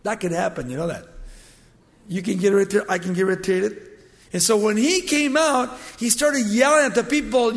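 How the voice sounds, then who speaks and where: A man preaching a sermon, telling the story dramatically and moving between loud and hushed delivery. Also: high-pitched, normal speed. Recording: long hall reverb.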